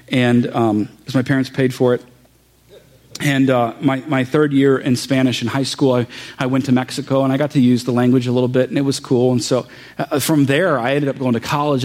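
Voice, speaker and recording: A young adult man from the Saint Louis area giving an earnest, halting sermon testimony that builds to an impassioned close. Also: medium pitch, a little mellow. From Saint Louis area, Missouri. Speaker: pastor.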